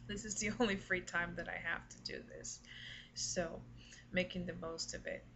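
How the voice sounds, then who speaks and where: A woman giving a casual singing lesson, explaining tips slowly and deliberately, breaking off to demonstrate with her voice. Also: on the low side, steady tone, gravelly, sharp tone, a little hiss or hum, rough recording. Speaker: singing teacher.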